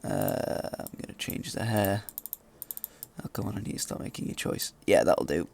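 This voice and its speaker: Gravelly-voiced man thinking aloud. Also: on the low side, lively intonation, normal speed, darkish tone. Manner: thinking aloud, hesitant with many fillers. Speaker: let's play gamer. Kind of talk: casual gameplay commentary.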